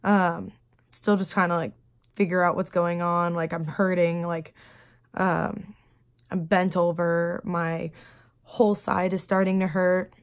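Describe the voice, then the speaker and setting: A woman telling her story in a personal video diary, speaking quietly and haltingly, with many pauses and fillers. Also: lowish voice, level tone. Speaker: vlogger.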